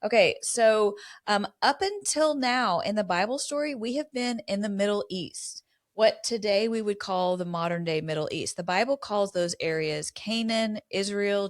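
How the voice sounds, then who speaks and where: A middle-aged woman, co-hosting a podcast, mixing casual chat with Bible teaching in an animated storytelling way. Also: medium pitch. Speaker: podcast co-host.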